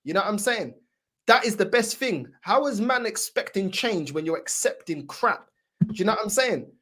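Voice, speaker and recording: A man's voice: high voice, animated, moderate pace, sharp tone. Passionate London man arguing his point. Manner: passionate, argumentative, London slang. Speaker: football fan co-host. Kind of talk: casual football rant.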